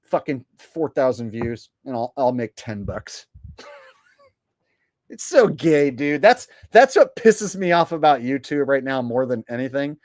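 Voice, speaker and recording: A man's voice: medium pitch, very animated, normal speed, a little mellow, dry recording, clean studio sound. A man hosting a live stream, ranting bluntly and casually with plenty of swearing. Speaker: streamer host.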